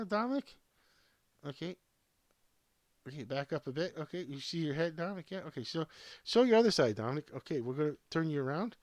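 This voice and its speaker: Host type: a man with a slightly high, very bouncy voice, rambling through a casual home-made sports show, dry close sound. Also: dry recording. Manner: rambling, talks to himself and to plush toys, laughs often. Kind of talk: casual off-script commentary.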